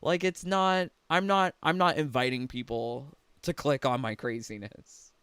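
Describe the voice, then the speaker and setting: Mocking, profane man with a smooth voice. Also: medium pitch, measured pace, fairly bright tone, no echo. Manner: mocking, laughs often, swears freely. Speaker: gaming commentator reacting to a video. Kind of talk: profane reaction commentary.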